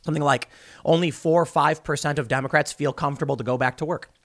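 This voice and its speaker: A man giving solo political commentary, sarcastic, mocking opponents in high put-on voices. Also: fairly even intonation, fast, a bit bright.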